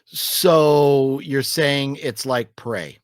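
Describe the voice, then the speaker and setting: Speaking very slowly at a medium pitch, a man co-hosts a casual film review chat, rambling through fillers and restarts and griping with emphasis. The studio-quality recording has no echo.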